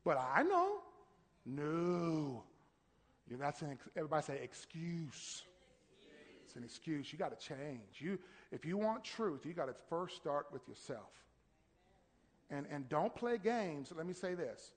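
A man preaches a sermon with a high, ringing voice, pushing his points up to shouted emphasis and calling out to the congregation. The sound carries a long reverb tail from the church hall around him. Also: animated, unhurried. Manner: preaching with rising shouted emphasis and call-and-response. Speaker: pastor. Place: church sanctuary.

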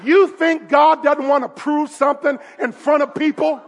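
A male pastor preaching a sermon in a church service, emphatic and rising to shouts with call-and-response. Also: extremely high pitch, fairly even intonation, moderate pace, hardly any pauses, a faint crowd.

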